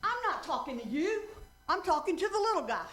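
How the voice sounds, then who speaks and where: A woman in her seventies voicing an indignant blonde woman scolding from an audience in a shrill voice. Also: big pitch swings, brisk, a bit bright, slight background noise, heavily acted. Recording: roomy council chamber.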